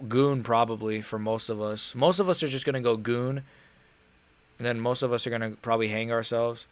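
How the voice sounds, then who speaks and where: A man's voice: medium pitch, fairly quick. Frustrated young man ranting on a livestream. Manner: frustrated, swearing, rambling reactions. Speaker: livestream host. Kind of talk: casual live reaction chat.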